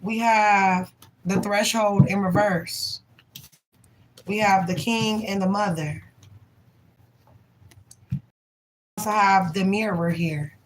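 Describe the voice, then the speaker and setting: A woman's voice: medium pitch, steady tone, takes it slowly, long pauses, noisy background. A young woman giving a live tarot reading, reading card names aloud in a blunt, profane, chatty way. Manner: laughs often and voices the people in the cards. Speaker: tarot reader.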